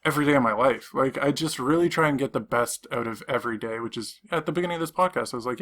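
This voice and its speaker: A man's voice: mid-range voice, fast, few pauses, fairly bright tone. A young man from Canada, co-hosting a podcast in casual chat, rambling through stories with many restarts. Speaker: podcast co-host.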